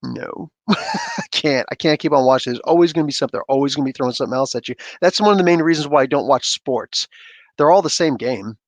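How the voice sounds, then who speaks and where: A man hosting a casual livestream, reading chat aloud and chatting in an animated way with frequent laughter. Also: a little high, very fast, dry recording. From Canada. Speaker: livestream host.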